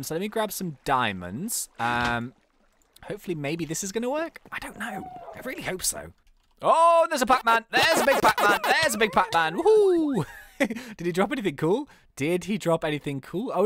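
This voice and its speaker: A man commentating his own video game as host, excitable and self-mocking, laughing often and pleading with the characters. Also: high voice, slight background noise. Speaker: gaming channel host. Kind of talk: casual let's-play commentary.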